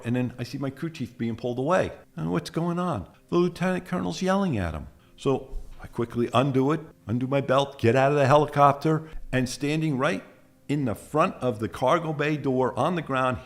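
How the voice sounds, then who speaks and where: Older male veteran, 70s, from the States; plainspoken casual storyteller, mid pitch. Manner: plainspoken, animated when recounting confrontations. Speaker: Vietnam veteran telling war stories. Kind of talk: casual first-person storytelling.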